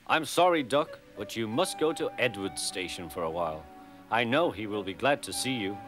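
A man's voice: lowish voice, lively intonation, normal speed, a bit bright, soft background music. A man voicing a stout railway boss in a cartoon who questions his engines firmly. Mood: stern. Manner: firm, authoritative. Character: pompous stout male railway boss, stern but fair.

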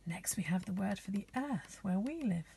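A woman teaching young children in a slow, encouraging way that often drops to a whisper. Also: mid-range voice, animated, vocal fry, mellow, slightly rough. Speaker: primary school teacher.

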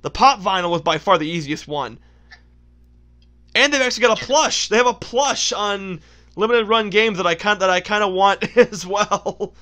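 Bright, high-voiced excitable gamer man. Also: moderate pace. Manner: excitable, laughs often, self-interrupting. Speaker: let's play host. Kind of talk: casual gameplay commentary.

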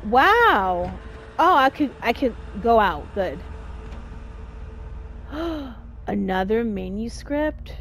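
A woman giving casual let's-play commentary on a horror game, chatty and excitable, talking to herself and shouting at the game. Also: on the high side, very slow, long pauses, slight background noise. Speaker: gamer playing a horror game.

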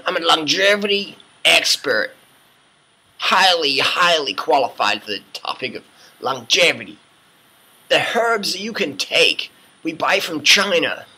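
A man spoofing a smug, bright-voiced guru. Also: on the high side, slightly rough, exaggerated voice. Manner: mocking, rambling parody monologue. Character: smug, boastful male health guru in his forties. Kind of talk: comedic spoof monologue.

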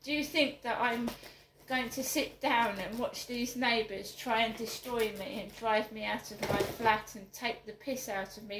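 A woman's voice: a little high, steady tone, unhurried, background noise. Indignant woman, echoey room. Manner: indignant, emphatic, repeats phrases for force. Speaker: vlogger. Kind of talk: angry personal vlog rant. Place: home flat.

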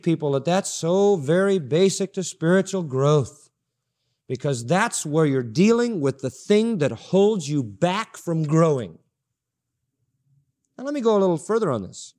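A man's voice: sits high, a little mellow. A man preaching a sermon, emphatic and repeating key phrases for stress. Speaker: pastor. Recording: audio-only sermon recording.

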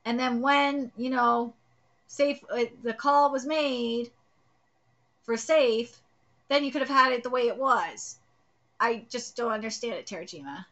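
A woman in her thirties reacting live to a manga chapter and reading it aloud, excitable and ranting, swearing freely when annoyed. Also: fairly high pitch, unhurried, muffled recording.

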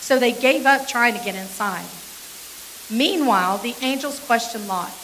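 A woman's voice: fairly high pitch, normal speed, a bit bright, a little hiss or hum, poor audio. A woman pastor reading a scripture passage aloud during a sermon, with short asides to the congregation.

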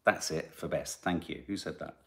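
A middle-aged man hosting a podcast, reading out listener comments and telling rambling, animated stories. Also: a bass voice, moderate pace, gravelly. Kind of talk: casual chat.

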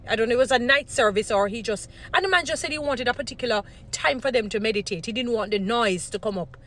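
Fast-talking and fairly bright, this woman's voice sits on the high side. She shares Christian commentary in an informal vlog, speaking earnestly, becoming indignant, and restating her points to press them home.

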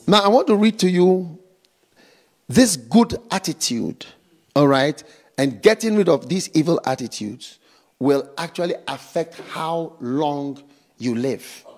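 Man, pastor, high voice, unhurried delivery, emphatic church sermon, repeated call-outs. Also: a little mellow.

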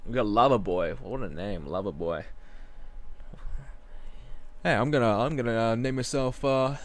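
Speaking at normal speed with a medium-pitched voice, a man who hosts a gaming channel rambles casually over a wrestling video game. He's talkative and keeps interrupting his own sentences.

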